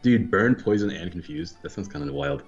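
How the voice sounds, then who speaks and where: A man hosting a casual card game review, laid-back and low-key, chuckling often. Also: expressive, normal speed, slightly rough, dull audio, faint music behind. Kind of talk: casual chat.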